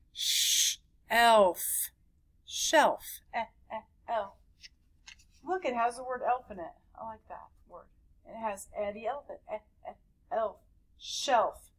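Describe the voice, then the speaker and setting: Slow, sing-song woman teaching phonics. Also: on the high side, a bit bright. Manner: slow, sing-song, stretching out sounds for young learners. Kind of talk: recorded phonics lesson for children. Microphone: camera recording at a desk.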